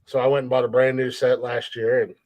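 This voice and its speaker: A man's voice: medium pitch, level tone, fairly quick, a little mellow. A man co-hosting a comedy podcast in loose casual chat, rambling and repeating words as he jokes around. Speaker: podcast co-host.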